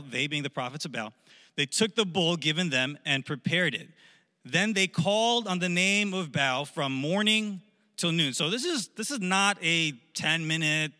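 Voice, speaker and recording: A man preaching a sermon, telling a story with jokes and animated asides. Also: fairly high pitch, big-room sound. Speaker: pastor.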